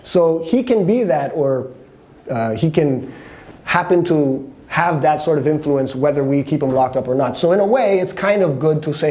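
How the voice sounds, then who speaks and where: A man's voice: fairly high pitch, moderate pace, mellow. A man hosting his own show, sharing his opinions in a candid, conversational monologue, thinking aloud and restarting his sentences. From Canada. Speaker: host.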